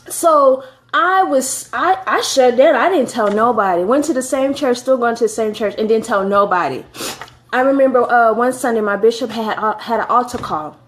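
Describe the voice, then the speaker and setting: A woman's voice: a little high, expressive, moderate pace. A woman telling her personal faith testimony in an earnest, emotional way, often repeating phrases for emphasis.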